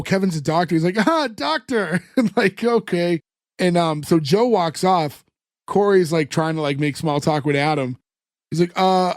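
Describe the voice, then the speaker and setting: A man's voice: a little high, dry recording, studio quality. A man co-hosting a podcast, retelling a show's scenes with lots of "like" and acting out the characters' lines. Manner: animated retelling, acts out characters' lines, fillers like "like". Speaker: podcast co-host recapping an episode. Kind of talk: casual chat.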